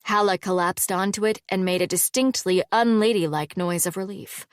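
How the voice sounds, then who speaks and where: A woman narrating a fantasy audiobook in a calm, even storytelling manner. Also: mid-range voice, normal speed, few pauses, clean tone, no room sound, studio quality.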